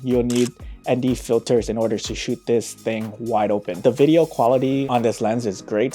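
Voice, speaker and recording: A man giving a casual, upbeat vlog review of a camera lens, talking in an excitable, slangy way. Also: medium pitch.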